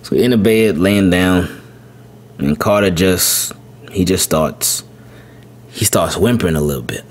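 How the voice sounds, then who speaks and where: A man hosting a podcast, telling a family story in a loose, rambling way, repeating words and jumping higher when he quotes his son. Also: lively intonation, unhurried. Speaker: podcast host. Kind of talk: casual storytelling.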